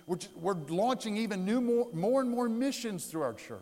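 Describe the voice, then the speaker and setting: Earnest preacher in a reverberant hall. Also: male voice, sits high, big pitch swings, moderate pace, few pauses. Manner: earnest, dramatic swings between loud and hushed. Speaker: pastor. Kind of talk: sermon. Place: church sanctuary. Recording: long church-hall reverb.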